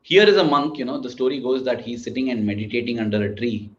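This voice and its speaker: A man's voice: mid-range voice, fast talker. A man giving an earnest spiritual talk at a devotional gathering, telling stories and addressing his listeners directly. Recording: echoey, slightly dull sound.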